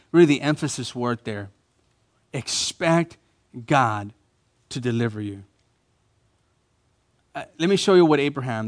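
A man preaching a sermon as a pastor in a church, emphatic, repeating key phrases and rising to louder bursts. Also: medium pitch.

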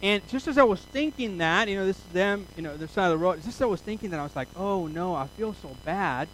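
A man's voice: high voice, fast talker, slight background noise, low-quality recording. A male pastor preaching a sermon, telling stories animatedly and acting out his own thoughts. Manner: animated storytelling, acts out his own inner voice.

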